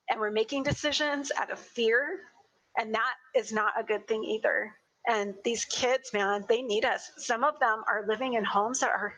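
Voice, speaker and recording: A woman's voice: on the high side, bright, forceful tone, low-quality recording. A woman in her forties chairing a virtual school board meeting from her home, speaking in an earnest, emotional, rambling way over a video call.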